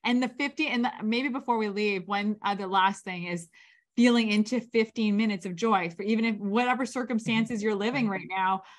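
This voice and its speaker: A woman's voice: mid-range voice, brisk. A woman podcast host who affirms her guest and sums up the conversation. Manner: warm praise, affirming. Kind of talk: podcast interview.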